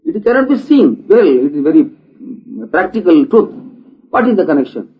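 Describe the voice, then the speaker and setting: A man giving a philosophical lecture, deliberate in manner and asking many rhetorical questions. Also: on the high side, big pitch swings. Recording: dull lo-fi recording.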